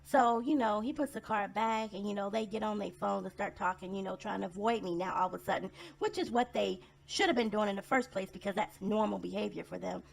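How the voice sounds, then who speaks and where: A woman's voice: mid-range voice, brisk, vocal fry, few pauses. A woman telling personal stories in a casual vlog monologue, blunt and sarcastic in a conversational way.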